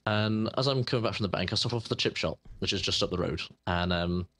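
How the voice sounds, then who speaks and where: This man owns a computer repair shop and co-hosts a podcast. His low-pitched voice is fast with a fairly bright tone and no room sound, and he tells a rambling, hesitant story in casual chat, full of fillers and restarts.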